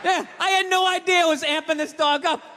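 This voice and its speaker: A man doing a stand-up comedy set on stage, ranting and profane, swinging between low mutters and shouts, with audience laughter. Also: fairly even intonation, a little fast, some chatter behind. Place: large theater stage. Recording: live theater, long reverb, audience noise.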